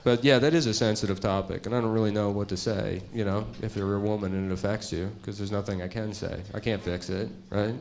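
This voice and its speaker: A man doing a stand-up comedy set on stage before a live audience, talking in a crude, deadpan way and slipping into mocking voices. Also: fairly low pitch, fast, gravelly, hardly any pauses.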